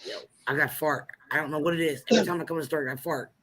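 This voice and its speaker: A woman's voice: low voice, rapid-fire. A woman telling a funny story in casual live chat, laughing through it. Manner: animated, laughs through her stories.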